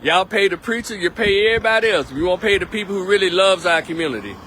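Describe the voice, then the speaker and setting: A man's voice: high-pitched, animated, fast talker, sharp tone, a little hiss or hum. A man giving a blunt, emphatic political monologue on a live stream, repeating his points.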